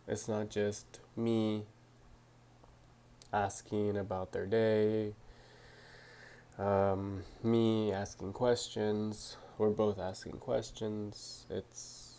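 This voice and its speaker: A man's voice: fairly low pitch, flat delivery, drawn-out words, dark tone, smooth. A young man answering viewer questions to his phone camera, talking hesitantly with lots of fillers and restarts. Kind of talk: casual talk to camera.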